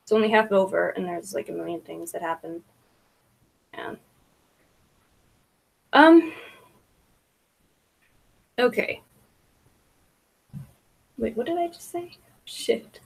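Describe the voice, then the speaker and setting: A woman's voice: medium pitch, very animated, slow, creaky, pauses often, slightly rough. A woman hosting a casual livestream, rambling about online gossip with frequent laughter, swearing and filler words.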